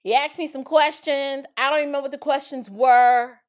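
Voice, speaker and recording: An animated woman tells a personal story to her viewers. Her voice sits a little high, and she slips into different voices when she quotes people. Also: brisk. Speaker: show host.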